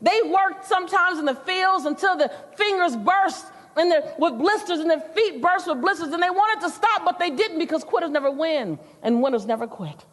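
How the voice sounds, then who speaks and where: A woman voicing a loving old grandmother who speaks slowly and firmly, repeating herself for emphasis, recorded in an echoey hall. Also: very high voice, lively intonation, fairly bright tone, pitched above the performer's own voice. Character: loving old grandmother, firm and slow-spoken.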